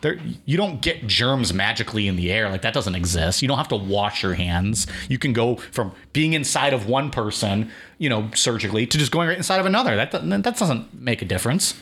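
A man's voice: mid-range voice, expressive, a little fast, few pauses, a bit bright, husky. A man hosting a podcast, reading a history outline and breaking into loose, casual asides. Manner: reads notes, then drifts into filler-heavy "like" chatter. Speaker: podcast host and narrator.

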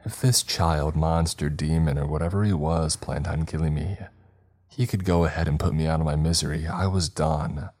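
Deep-voiced man narrating horror stories. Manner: steady, measured storytelling. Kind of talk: scripted horror story narration.

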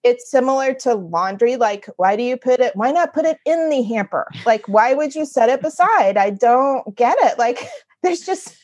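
A middle-aged woman, a guest author, telling a story in conversation and acting out her own remarks in expressive voices. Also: on the high side, normal speed.

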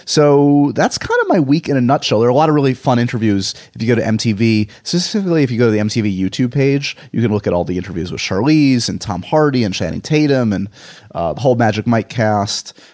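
A man's voice: mid-range voice, lively intonation, fast, a little mellow, dry recording, clean studio sound. A man with a New York accent hosting a podcast, talking in a rambling, self-deprecating, chatty way. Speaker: podcast host. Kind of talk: casual podcast monologue.

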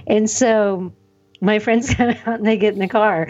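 A woman's voice: mid-range voice, steady tone, moderate pace, a little mellow, muffled recording. A woman co-hosting a podcast, telling a casual story in a chatty way and quoting herself. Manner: chatty storyteller, laughs a lot, quotes herself. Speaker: podcast co-host. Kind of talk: casual chat.

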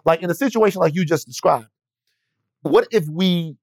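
A man's voice: on the high side, normal speed, dry recording. A man talking on a podcast in a rambling, profane way, often restarting sentences. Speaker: podcast guest. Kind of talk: casual chat.

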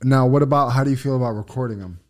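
A man's voice: mid-range voice, rapid-fire, darkish tone. A man co-hosting a casual chat, asking questions and reacting with short profane interjections.

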